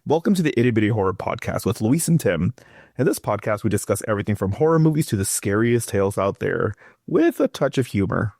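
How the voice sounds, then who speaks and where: A man's voice: fairly low pitch, lively intonation, fast, gravelly, darkish tone, no echo, clean studio sound. A man co-hosting a horror podcast in casual, joking chat, laughing often. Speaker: podcast co-host.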